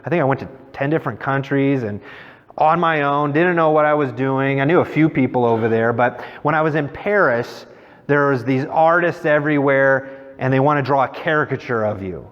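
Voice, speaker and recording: A man's voice: medium pitch, normal speed. A middle-aged man preaching a sermon in a conversational way, mixing scripture with personal stories. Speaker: pastor. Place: church sanctuary. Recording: dull sound with long church reverb.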